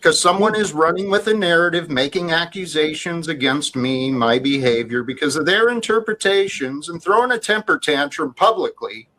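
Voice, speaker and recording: A man in a tense argument, firm and placating, lecturing the other side to calm down. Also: a little high, moderate pace, few pauses, low-quality recording. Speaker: guest in a heated debate. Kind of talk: argument, trying to calm things.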